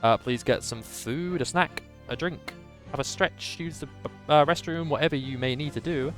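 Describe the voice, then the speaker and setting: A man's voice: a little high, normal speed, faint music behind. A man streaming a game playthrough live, chatting energetically to his viewers. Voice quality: energetic, laughing.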